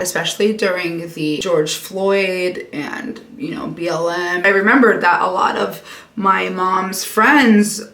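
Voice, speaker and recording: A woman's voice: on the low side, a bit bright. A young woman telling a personal story in a casual get-ready-with-me vlog, chatty and swearing freely. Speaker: vlogger. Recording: echoey room.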